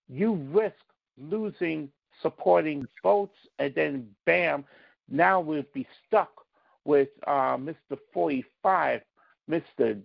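A man, a podcast guest, giving measured political opinions with sarcastic asides, on dull lo-fi audio. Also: fairly high pitch, vocal fry, husky, dry recording. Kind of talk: casual political discussion.

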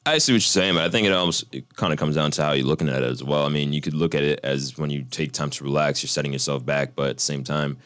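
A young man co-hosting a podcast, chatting in a relaxed, encouraging way with casual swearing. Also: rumbling low, fast talker, hardly any pauses, no room sound. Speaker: podcast co-host. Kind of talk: casual chat.

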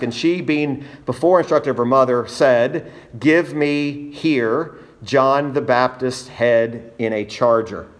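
A man with a fairly high voice preaches an expository sermon, reading scripture and addressing his congregation in an earnest, emphatic way.

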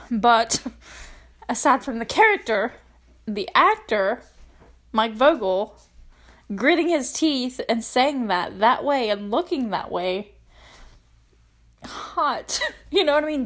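A woman's voice: fairly high pitch, fairly bright tone. A young woman recapping a movie in a casual, chatty way, rambling with lots of fillers and frequent giggles. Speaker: movie reviewer.

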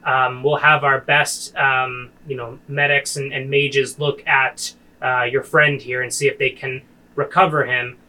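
A man's voice: mid-range voice, little pitch movement, measured pace, sharp tone, poor audio. A man voicing a weary, thoughtful male leader of a small settlement, in a rambling way.

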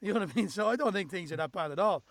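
A football podcast host with a high voice talks at a racing clip, relaxed and full of fillers as he steers the show toward its close.

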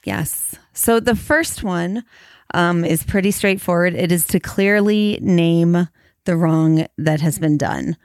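A woman in her thirties co-hosting a faith podcast, talking in a thoughtful, measured way and slowing down to spell out examples. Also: on the low side, darkish tone, no echo, studio quality. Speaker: podcast co-host. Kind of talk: casual conversation about marriage and faith.

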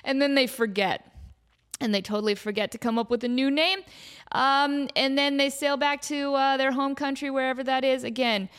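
Animated high-voiced woman telling a story. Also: moderate pace. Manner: animated, laughs often, acts out silly voices. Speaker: comedy podcast host. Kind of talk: rambling comedic storytelling.

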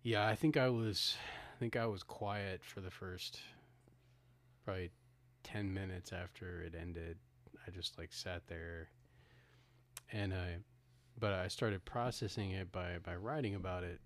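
Retelling how a movie ends, this podcast co-host talks casually with lots of restarts and performed quotes. His voice is low, steady and fairly bright, and he takes his time.

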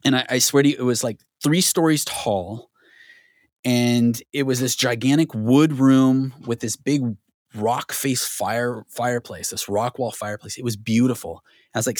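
A man tells a long story as a podcast guest, talking in an animated rush full of restarts and "like". His voice sits at an ordinary middle pitch, and the sound is dry and close, with no room echo. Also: moderate pace. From Southern California. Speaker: guest, record producer. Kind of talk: casual storytelling interview.

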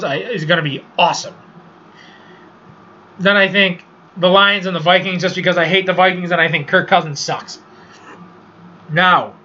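This solo sports podcaster has a high-pitched, bright voice with a forceful tone. He rants casually and profanely, drifting through picks and opinions, in audio that comes across dull and lo-fi.

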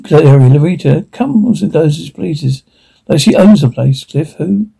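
A man speaking TV drama dialogue in a weary, gruff way, with a gravelly, husky voice. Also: fairly high pitch, lively intonation, a little slow, dark tone, heavily acted.

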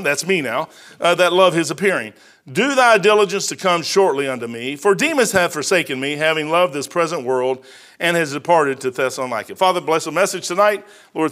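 Preacher guy, middle-aged, high bright voice, folksy, goes loud then quiet. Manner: folksy storytelling, swinging between loud emphatic bursts and low asides. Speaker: pastor. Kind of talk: sermon.

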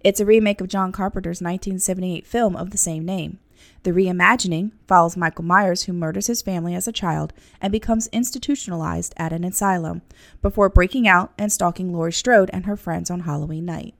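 A woman reading a short film synopsis in an even, informational way. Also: on the low side, fairly quick, vocal fry.

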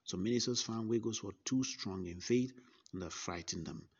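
A man reading a first-person narration in a measured way, with small slips and restarts. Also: lowish voice, a little mellow, husky, highs cut off. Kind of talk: scripted narration.

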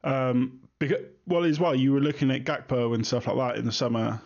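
A man's voice: medium pitch, steady tone, a little fast, gravelly, darkish tone. A man co-hosting a football podcast in casual chat, hesitant and questioning, with frequent ums. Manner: hesitant, lots of ums and restarts, asks questions. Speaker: podcast co-host, football fan. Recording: muffled lo-fi sound.

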